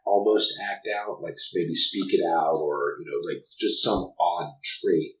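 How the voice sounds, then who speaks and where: A man's voice: low voice, a little slow, distant mic. A man who runs tabletop games, chatting casually, starting sentences over and over as he tells stories. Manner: stammering restarts, lively storytelling. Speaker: game master. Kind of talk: casual podcast chat. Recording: roomy echo, from the mic.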